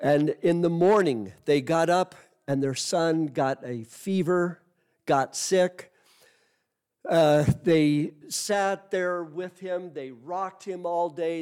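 A man's voice: on the high side, slow pace, a little mellow, clear, resonant tone. A man preaching a sermon as a missionary, telling a story earnestly and repeating phrases for emphasis.

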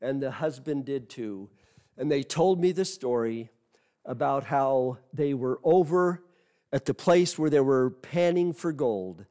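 A man's voice: medium pitch, expressive, unhurried, warm tone. A man preaching a sermon as a missionary, telling a story earnestly and repeating phrases for emphasis.

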